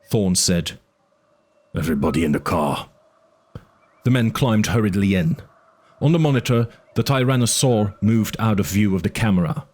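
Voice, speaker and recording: A man narrating an audiobook with an expressive, dramatic reading. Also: fairly low pitch.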